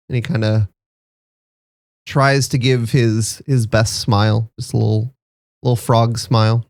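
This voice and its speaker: A man's voice: mid-range voice, level tone, measured pace, pauses often, darkish tone, no room sound, studio quality. A man describing his character's actions in a casual, explanatory way during a tabletop game. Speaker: player.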